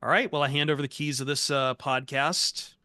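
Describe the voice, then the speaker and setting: A man hosting a sports podcast, bantering casually and cracking quick jokes. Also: mid-range voice, sharp tone, no echo, studio quality. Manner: joking, quick asides. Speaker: podcast host.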